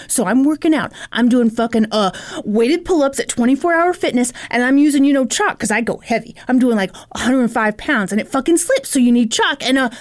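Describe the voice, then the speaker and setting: A woman playing a foul-mouthed, hotheaded young man who rants, swears nonstop and boasts loudly. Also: high voice, pitched above the performer's own voice.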